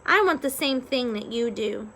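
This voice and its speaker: A woman reading aloud and voicing a sly, scheming male rat who speaks in a hushed, coaxing way. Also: a little high, expressive, moderate pace.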